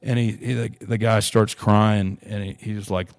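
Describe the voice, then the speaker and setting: A young man speaks as a podcast guest, recounting a personal story with earnest feeling and frequent restarts. His voice sits low and stays fairly level in pitch, recorded dry with no room sound. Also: level tone, normal speed, gravelly, dry recording. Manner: earnest, heartfelt, rambling with many restarts.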